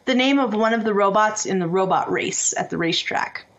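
A woman's voice: medium pitch, brisk, highs cut off. A woman co-hosting a podcast in casual chat, laughing often and reading out comments from the chat. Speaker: podcast co-host.

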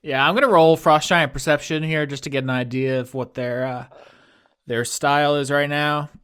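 A man's voice: a little high, steady tone, normal speed, fairly bright tone, smooth. A man narrating as game master of a tabletop game, chatty and self-deprecating, laughing often.

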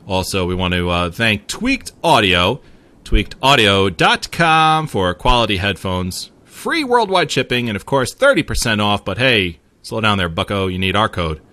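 Podcast host, male, New York accent, low voice, lively and bright, rambling jokey sponsor reads. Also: normal speed, no echo. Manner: joking, rambling, laughs often.

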